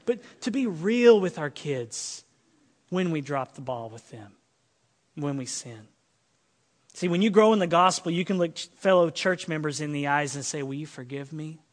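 A male pastor preaching an earnest sermon, swinging between loud emphatic lines and soft quiet ones. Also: a little high, expressive, normal speed, big-room sound.

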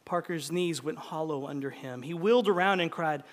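A man preaching in a church hall, retelling and reading a story with dramatic delivery that drops from loud lines to hushed whispers. His voice sits high, and a long hall reverb trails behind it. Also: moderate pace.

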